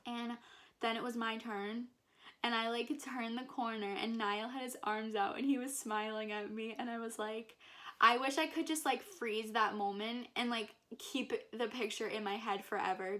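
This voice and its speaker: A woman's voice: on the high side, bright, forceful tone. A young woman vlogger gushing through a personal story, packing her talk with "like" and fillers. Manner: gushing, filler-heavy with constant "like". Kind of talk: excited personal story vlog.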